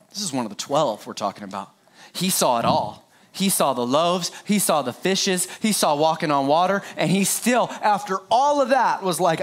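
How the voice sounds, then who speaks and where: High-voiced playful preacher man. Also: very animated, normal speed. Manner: playful, joking asides, talks straight to the congregation. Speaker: pastor. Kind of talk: Easter sermon.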